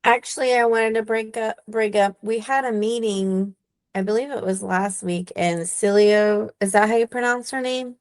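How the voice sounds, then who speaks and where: A woman's voice: medium pitch, steady tone, normal speed. A woman working as a real estate agent, chatting on a group call and telling how a line worked with a client. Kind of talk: sharing a story on a group call.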